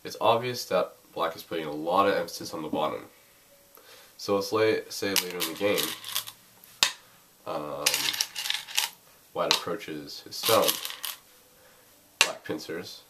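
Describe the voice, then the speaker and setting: A man's voice: deep voice, unhurried, pauses often, far from the mic. A young man giving a casual spoken lesson on a board game, hesitant, with many ums and uhs. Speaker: Go teacher. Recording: faint noise, voice a bit off-mic.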